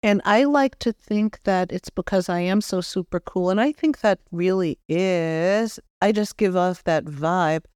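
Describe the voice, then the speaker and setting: A woman's voice: lowish voice, measured pace, few pauses, a little mellow, smooth, dry recording, studio quality, close to an everyday voice. A woman medium speaking as the spirit of a cocky, loving young man, earnest and reflective, with some self-mocking jokes. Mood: playful. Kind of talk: channeled spirit talk.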